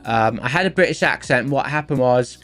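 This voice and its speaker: A man in his thirties with a Philadelphia American accent, hosting a livestream and chatting casually with viewers in a relaxed, rambling way full of fillers. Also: medium pitch, brisk, faint music behind. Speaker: livestream host.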